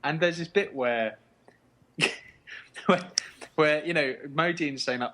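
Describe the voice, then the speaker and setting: A man's voice: a little high, lively intonation, slow pace, pauses often, pushed and bright. A man co-hosting a film podcast, ranting in casual chat with laughter and sarcastic asides.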